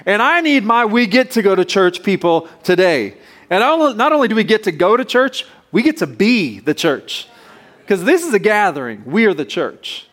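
Man, pastor, sermon, high-pitched, playful, joking asides. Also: big pitch swings, normal speed, a bit bright.

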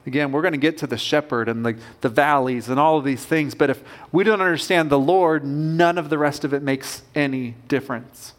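A man's voice: fairly high pitch, brisk, hardly any pauses. A man preaching a sermon as pastor, earnest and emphatic, with rising bursts of conviction.

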